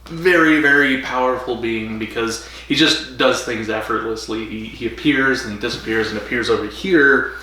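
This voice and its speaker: A man's voice: medium pitch, moderate pace, hardly any pauses, bright, forceful tone, recorded from a distance. A man co-hosting a casual podcast, joking and laughing as he recaps an episode. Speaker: podcast co-host. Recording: very echoey room, off mic, faint noise.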